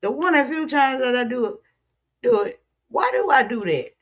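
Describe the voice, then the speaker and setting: A woman's voice: high-pitched, expressive, moderate pace. A weary woman streamer venting to her viewers in a frustrated, repetitive, profane rant. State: weary, worn out. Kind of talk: emotional livestream rant.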